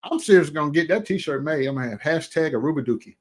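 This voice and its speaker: A man hosting a casual livestream, talking in a somewhat high voice. He is animated and exclamatory, with folksy asides. Drawn-out hums and murmurs fill the gaps between his remarks. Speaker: livestream host.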